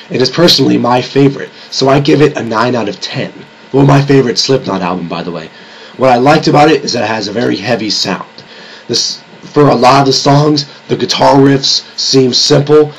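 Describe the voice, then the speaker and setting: A man's voice: medium pitch, moderate pace, a little hiss or hum, rough recording. A young man with a slightly sick voice, reviewing games and albums in a rambling, casual way and restarting his sentences often. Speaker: YouTube reviewer.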